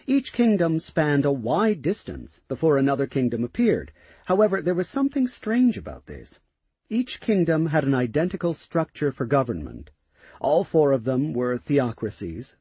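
A male audiobook narrator with a dark, mellow and somewhat husky voice. He reads in the first person with lively, varied intonation. The recording is dry and close. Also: mid-range voice, moderate pace, no room sound.

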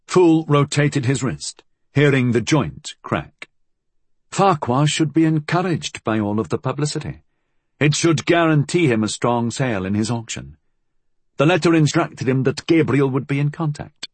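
A man narrating an audiobook in an expressive, measured reading. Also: mid-range voice, slightly rough, dry recording.

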